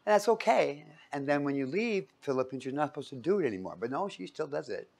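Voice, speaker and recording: A man's voice: on the high side, very animated, fast talker, gravelly, a little mellow. A man from Los Angeles, giving a casual, joking sermon full of stories. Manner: chatty, joking storyteller. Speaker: preacher.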